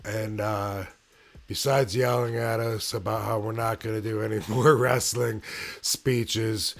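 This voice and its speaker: Slow, gravelly man telling a story. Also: fairly low pitch, flat delivery. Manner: unhurried, laid-back, with frequent pauses and fillers. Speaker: channel host. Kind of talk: casual personal storytelling.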